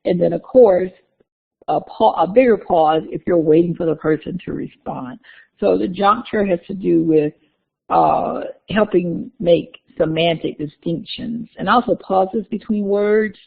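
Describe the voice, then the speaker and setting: A woman's voice: fairly low pitch, a little slow, gravelly, husky. Woman lecturing over a tinny line. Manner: explanatory, with fillers and restarts. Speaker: university lecturer. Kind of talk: classroom lecture. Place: classroom. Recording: phone-like lecture recording.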